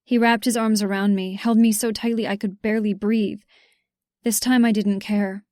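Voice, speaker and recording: A woman's voice: medium pitch, flat delivery, normal speed, mellow, no room sound, studio quality. Tense woman narrating a romance audiobook. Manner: tense, urgent storytelling.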